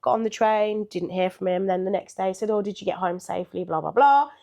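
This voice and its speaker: A woman's voice: mid-range voice, a little fast, vocal fry, darkish tone. An older woman, a podcast co-host, telling a story in casual chat with a chatty manner, laughing often and acting out what people said.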